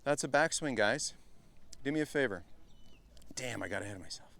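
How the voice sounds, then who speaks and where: A middle-aged man coaching a group at a live golf clinic, chatty and energetic, often turning to the group as guys. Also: medium pitch, fairly quick, creaky. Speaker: golf instructor.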